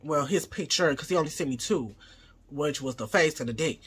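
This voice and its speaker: A man with a bright, forward voice tells a storytime tale straight to camera. His delivery is loose and profane, and he slips into acting out what he said in the moment. It sounds like casual vlog talk. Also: fairly high pitch, fairly quick, slightly rough. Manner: profane, animated retelling, acts out his own quoted lines. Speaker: vlogger.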